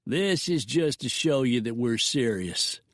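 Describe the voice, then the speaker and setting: Outlaw gang leader, cold and threatening, slow drawl, dry sound, male narrator voicing him. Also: medium pitch, animated, dry recording, close to an everyday voice. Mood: menacing.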